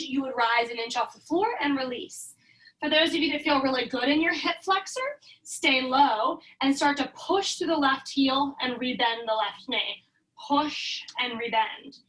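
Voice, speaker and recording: Woman yoga teacher talking people thru poses, high voice, kinda far from the mic, encouraging. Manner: encouraging, calm cueing with breathy sighs. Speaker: yoga instructor. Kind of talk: guided yoga class instruction. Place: home basement.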